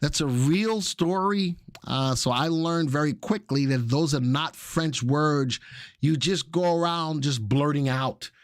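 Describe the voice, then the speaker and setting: A man's voice: fairly high pitch, unhurried, no echo, clean studio sound. A middle-aged man hosting a live stock analysis show, talking casually with viewers and joking around. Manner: casual, jokey, chatty with viewers. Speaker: stock market show host.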